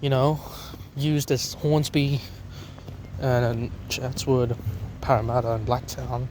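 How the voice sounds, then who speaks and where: A man's voice: mid-range voice, level tone, slow pace, background noise. A young Australian man vlogging about trains, rambling outdoors on a station platform with fillers and restarts, a lozenge in his mouth. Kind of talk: casual walking commentary.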